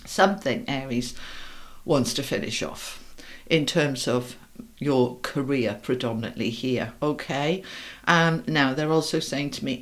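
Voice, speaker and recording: A woman's voice: low voice, a little slow. A middle-aged woman giving a casual tarot reading, chatting to viewers in an upbeat way and speaking straight to them. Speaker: tarot reader.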